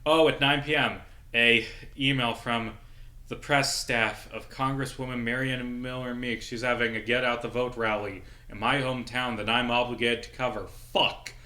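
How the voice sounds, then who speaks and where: A man's voice: mid-range voice, level tone, moderate pace, bright, forceful tone. A man in his mid-twenties, a local journalist, angrily and profanely ranting in a casual vlog.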